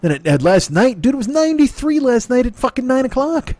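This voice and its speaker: A man's voice: very high-pitched, very animated, brisk, darkish tone, no room sound. Profane, rambling comedian man. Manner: rambling, profane, self-mocking, bursts into silly crooning. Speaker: podcast host. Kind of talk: casual comedic monologue.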